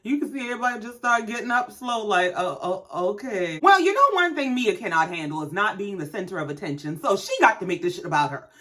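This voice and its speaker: A woman's voice: mid-range voice, lively intonation, fast, few pauses, a bit bright. A woman giving a blunt, sarcastic, profanity-filled casual recap of a reality show episode.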